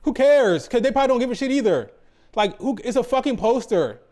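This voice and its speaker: A man's voice: very high voice, big pitch swings, fast, a little mellow. A man hosting a wrestling commentary channel, ranting in an exasperated, profane, repetitive way.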